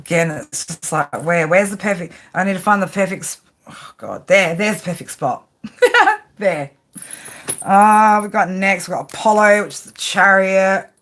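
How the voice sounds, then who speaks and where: Seated at her table under a lamp at home, this woman livestreams a casual tarot reading, chatting and rambling through the cards with casual swearing. She speaks at a moderate pace in a mid-range voice that is a bit bright.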